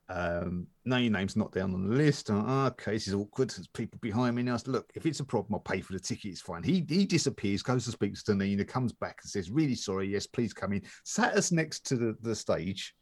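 A man's voice: on the low side, animated, fairly quick. A man, co-hosting a casual chat and rambling through anecdotes. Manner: rambling anecdotes with many fillers and restarts. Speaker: podcast co-host.

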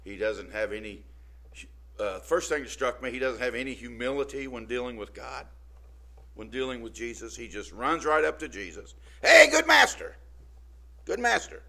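A man preaching a casual, down-to-earth sermon. His voice is bright and forceful, and he keeps pausing to check in with his listeners. He talks his way through the text rather than reading a script. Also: medium pitch. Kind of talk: informal sermon.

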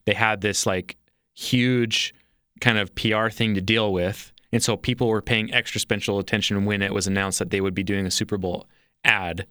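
A man chatting casually with friends about ads, explaining his views at measured length. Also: lowish voice, fairly even intonation, pushed and bright, clear, resonant tone, dry recording, studio quality. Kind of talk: casual chat.

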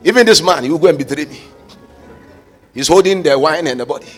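A pastor preaching a fervent sermon, swinging between loud shouted calls and quiet asides, slipping into sung phrases. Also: male voice, a little high, animated, fast, soft background music.

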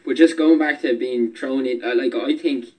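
Host: a mid-pitched man prompting guests, somewhat distant from the microphone. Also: moderate pace, breathy edge. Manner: encouraging, laughs along, short backchannels. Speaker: podcast host. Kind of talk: casual interview. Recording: voice distant from the mic.

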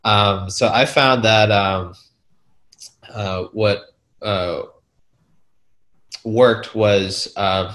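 A man's voice: on the low side, very slow, long pauses. A man casually telling a story about a real estate deal, rambling and full of filler words. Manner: rambling, heavy on filler words, animated retellings.

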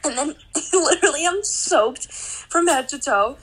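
A woman's voice: sits high, animated, a little slow, a loud crowd, low-quality recording. A woman in her twenties hosting a podcast, chatting casually and cursing, with lots of "like" in her speech. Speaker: podcast host. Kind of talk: casual chat.

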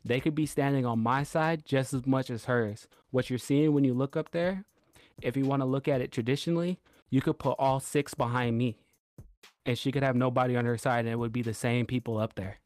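A man's voice: mid-range voice, fairly even intonation, brisk, darkish tone, no echo. Podcast co-host, male, easygoing storyteller, dry close sound. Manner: laid-back storytelling, retelling quotes. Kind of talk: casual chat.

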